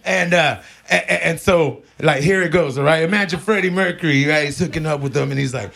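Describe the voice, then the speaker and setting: A man's voice: high voice, fairly quick, vocal fry, sharp tone. A man in his forties doing a live stand-up set. He rambles crudely, stammers through restarts and laughs at his own jokes. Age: 40s. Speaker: stand-up comedian. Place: live comedy venue with audience. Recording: live crowd laughter behind.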